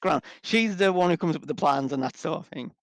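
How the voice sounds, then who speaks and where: A man's voice: fairly high pitch, a little fast, dry recording. A man running a tabletop game as game master, narrating with many fillers and restarts.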